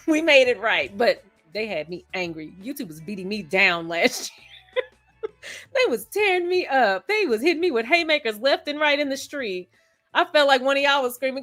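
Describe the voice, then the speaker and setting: With soft music in the background, a woman hosts a casual live chat, reading comments, calling out viewers by name and laughing frequently. Her fairly high, slightly bright voice swings widely in pitch at a moderate pace.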